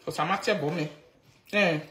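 A woman's voice: low-pitched, normal speed, reverberant, a little hiss or hum. A Nigerian woman ranting casually on a live video in mixed Pidgin and local languages. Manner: mixes Pidgin and local languages, mocking, animated. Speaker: social media commentator.

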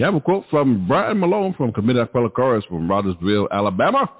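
A man's voice: medium pitch, very animated, rapid-fire, few pauses, breathy edge. A man hosting a gospel radio show with an emphatic, showman-like announcing manner. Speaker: radio DJ and host. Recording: tinny phone-like sound, long reverb.

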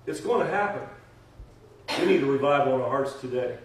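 A man's voice: medium pitch, lively intonation, a little fast, pauses often, recorded from a distance. A man preaching a sermon and leading a closing prayer as pastor, emphatic, repeating phrases and building to fervent exhortation. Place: church sanctuary. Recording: very echoey church hall, voice from afar.

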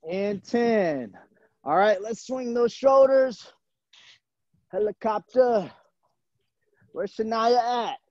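A man's voice: high-pitched, a little mellow, no echo. Upbeat male coach on a lo-fi video call. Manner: upbeat, encouraging, calls out kids by nickname. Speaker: gymnastics coach. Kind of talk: live virtual fitness class. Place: gym. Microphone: camera mic on a video call.

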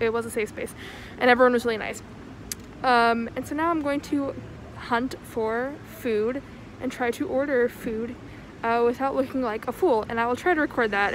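A woman in her twenties chats to a handheld phone camera, a touch higher-pitched than most. She is self-deprecating and quick to laugh at herself, with faint background noise behind her. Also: poor audio. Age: 20s. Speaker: vlogger. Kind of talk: casual vlog chat.

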